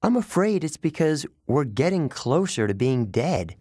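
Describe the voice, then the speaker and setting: A man's voice: on the high side, very animated, measured pace, warm tone, husky, no room sound, clean studio sound, pitched above the performer's own voice, exaggerated voice. A man voicing an anxious, clever teenage girl in an audiobook, her voice small and tense.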